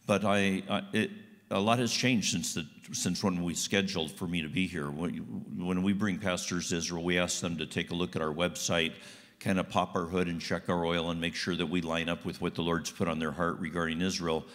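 A man's voice: deep voice, fairly even intonation, a little fast, fairly bright tone, big-room sound. A man giving a guest sermon in a church, folksy and conversational. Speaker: guest speaker. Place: church sanctuary.

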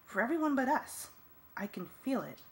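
A woman's voice: on the high side, sing-song, moderate pace, voice pushed up. A woman voicing a stiff, formal young male alien warrior in a fan audiobook. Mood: grave. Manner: formal, precise, subdued.

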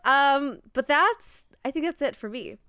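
Lively, giggly young woman co-host. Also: high-pitched, unhurried, dry recording, clean studio sound. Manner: animated storytelling, giggly, says "like" often. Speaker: podcast co-host. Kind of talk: casual chat.

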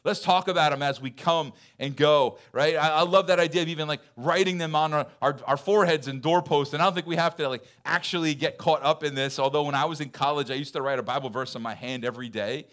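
A man's voice: fast, hardly any pauses. Conversational man preaching a sermon. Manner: conversational preaching, many "like" fillers, drops to soft intense lows. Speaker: pastor. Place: church hall.

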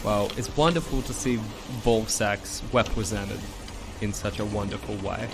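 While streaming a game, a man chats playfully in a put-on cutesy uwu voice that turns his r sounds into w, tossing out silly asides. His natural voice is lowish and gravelly, at a moderate pace. Steady background noise runs under the casual live-stream chat.

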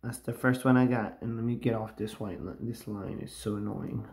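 A man filming himself scratching lottery tickets, bursting into loud repeated exclamations and catchphrases. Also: on the low side, steady tone, moderate pace. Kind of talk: live reaction while scratching tickets. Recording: roomy echo.

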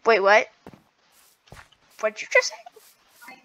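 A woman chatting casually while playing a video game, excitable and giggly, gasping and stammering as she goes. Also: drawn-out words, a little hiss or hum, low-quality recording. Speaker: gaming video host. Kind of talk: casual gameplay chat.

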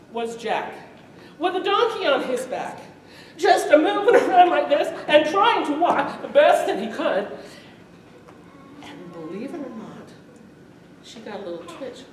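A woman storyteller telling a folk tale to a live audience, lively and often laughing as she acts it out, in a festival hall. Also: high-pitched, slight background noise. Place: event hall at a medieval arts festival. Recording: echoey hall from far off.

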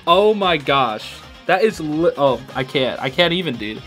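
A man hosting a reaction video, excitable, laughing often and saying "dude" a lot. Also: on the high side, a little slow, soft background music. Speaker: host reacting to fan videos. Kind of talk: casual reaction commentary.

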